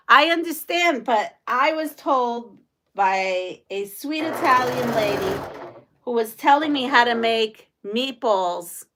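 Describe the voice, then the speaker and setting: Slow-talking, laughing woman streamer. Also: fairly high pitch, pushed and bright. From United States. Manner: chatty, laughs often, amused. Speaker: quilting live-stream host. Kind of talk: casual live-stream chat, reading viewer comments.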